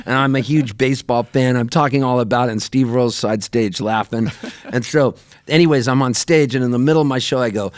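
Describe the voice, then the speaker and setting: A middle-aged man telling lively anecdotes in a radio interview, laughing often and jumping his voice up high when he quotes himself. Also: fairly quick, dry recording. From Canada, raised in Southern California. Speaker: touring musician, guest. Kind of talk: animated storytelling in a radio interview.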